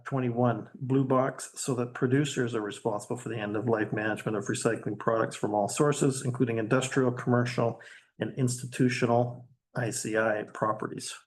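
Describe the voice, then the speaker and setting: A man's voice: medium pitch, steady tone, normal speed. A man chairing a township council meeting, reading through agenda items in a casual, plainspoken way with dry asides. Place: council chamber.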